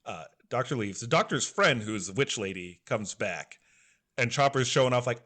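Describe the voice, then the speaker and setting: A young adult man recaps a story on a casual podcast, his voice sitting in an ordinary middle range. He tells it with animated, emotional storytelling. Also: medium pitch, moderate pace. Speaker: podcast co-host.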